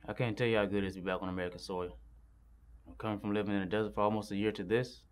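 An actor playing a low-voiced young veteran. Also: male voice, little pitch movement, very fast, slight background noise, close to an everyday voice. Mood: reflective. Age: young adult. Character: young war veteran back home, Drew. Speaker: army veteran.

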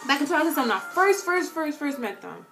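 A young woman chatting casually to her webcam, slangy and animated, often breaking into loud quoted voices. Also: high voice, fast talker, vocal fry, slight background noise. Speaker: vlogger answering viewer questions. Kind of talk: casual chat to camera.

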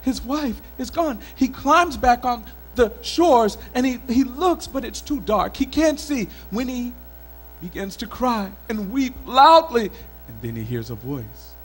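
A male storyteller from Mali telling a folk tale in an expressive, dramatic way at a live event. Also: very high-pitched, unhurried, hardly any pauses, faint music behind, poor audio. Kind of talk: oral storytelling performance. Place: country club event.

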